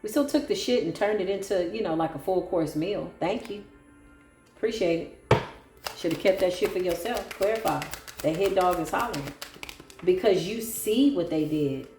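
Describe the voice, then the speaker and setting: A woman's voice: lowish voice, moderate pace, darkish tone. A woman giving a solo tarot reading, sassy, sarcastic and preachy. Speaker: tarot reader. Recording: echoey room with faint music.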